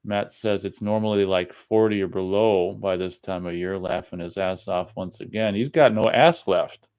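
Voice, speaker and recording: A man's voice: low voice, normal speed, darkish tone, clean tone. A man from Minnesota hosting a casual live show, reading viewer comments aloud and chatting back about them. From Minnesota, USA. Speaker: radio show host reading chat. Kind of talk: casual live-stream chat.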